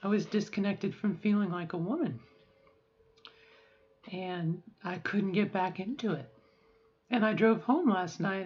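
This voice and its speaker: Middle-aged woman, reflective and halting. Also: mid-range voice, dull audio. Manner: reflective, halting, with frequent fillers and restarts. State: strained, sore voice. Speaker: vlogger. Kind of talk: personal video diary. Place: at home.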